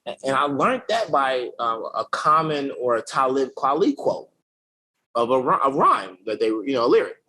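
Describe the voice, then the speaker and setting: A man telling his life story as a guest in a casual interview. He speaks in slangy, energetic talk full of fillers and restarts. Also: mid-range voice, moderate pace, low-quality recording. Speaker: podcast guest, creative director.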